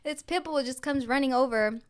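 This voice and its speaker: Young woman, podcast co-host, fairly high voice, casual storytelling, swears a lot, acts out quotes. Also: a little fast, clear, resonant tone. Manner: animated, swears freely, acts out quoted people.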